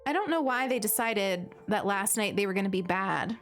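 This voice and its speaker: A woman's voice: medium pitch, expressive, moderate pace, faint music behind. A young woman streaming, chatting casually and giggling, with lots of filler words. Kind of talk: casual chat while gaming.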